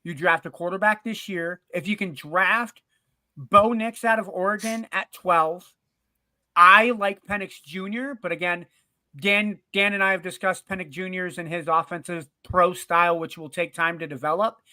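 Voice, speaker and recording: An animated man co-hosting a sports podcast, talking in a casual, lively way. His voice sits high and sounds bright. The recording is dry, with no room sound. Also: normal speed, no room sound. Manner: animated storyteller, acts out quotes. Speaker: podcast co-host.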